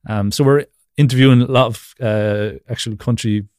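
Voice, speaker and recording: Appearing on a video-call interview as a podcast guest, this man chats loosely, filling his speech with fillers and frequent laughter. His mid-range voice is a little mellow, fairly even in intonation and normal in speed, with a clean, studio-quality tone and no room sound.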